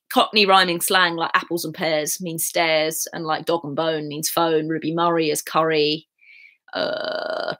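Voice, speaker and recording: A YouTuber from England reads out her live chat, giggling and sing-song as she talks casually with viewers. She's young, and her low-pitched voice has a slight brightness.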